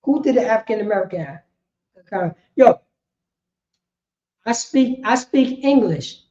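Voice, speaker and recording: A woman's voice: on the high side, animated, takes it slowly, dark tone. A woman leading an informal group lesson, quizzing her listeners and often asking "you know what I'm saying?". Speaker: class leader. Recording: echoey room, dull muffled sound.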